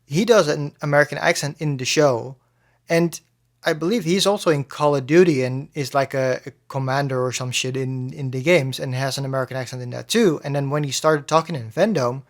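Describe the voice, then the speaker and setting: Animated, swearing young man podcasting. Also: on the high side, moderate pace. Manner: animated, swears freely, rambling asides. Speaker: podcast host. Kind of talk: casual solo podcast chat.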